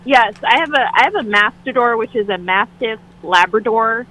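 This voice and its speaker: A woman calling into an advice show, nervous and hesitant, with many pauses and ums. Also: on the high side, expressive, sharp tone, poor audio. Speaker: caller. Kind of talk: hesitant call-in conversation.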